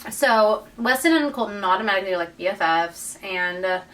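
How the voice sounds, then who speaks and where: A podcast co-host casually retells a book's plot, animatedly performing the characters' lines. Her mid-range voice is a little fast, and the recording is low quality, with the mic set at a distance.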